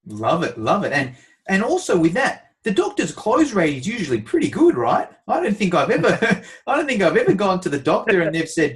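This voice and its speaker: A man's voice: high voice, huge pitch swings, fairly quick. A man hosting a podcast interview, enthusiastic and agreeable, chatting casually with his guest. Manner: enthusiastic, agreeable, laughs often. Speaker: podcast host.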